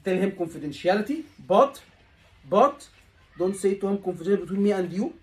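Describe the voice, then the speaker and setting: An exam tutor coaches a room of students in a live teaching session, repeating key points and posing rhetorical questions. The voice is mid-range, animated, fairly quick, and darkish, though the audio is poor.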